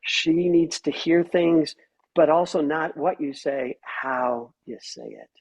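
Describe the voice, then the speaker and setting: A middle-aged man talks as a podcast guest in a slightly high, husky voice. He explains his points with lively stories and slips into acted-out quoted lines. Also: slow pace. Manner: animated storyteller who acts out quoted voices. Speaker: guest therapist and author. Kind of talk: podcast interview.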